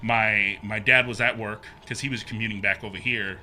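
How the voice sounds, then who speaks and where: A man guest on a podcast, telling a personal story in a casual, animated way, acting out the voices he quotes and using plenty of fillers. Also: on the low side, moderate pace, slight background noise. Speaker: podcast guest, haunted maze builder.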